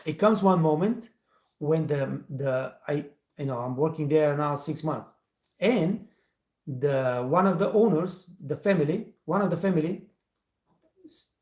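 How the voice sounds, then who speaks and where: In an echoey room, a restaurant trainer hosting a training channel speaks with a fairly high pitch and a warm tone. He addresses viewers directly and emphatically in non-native English while telling a motivational story.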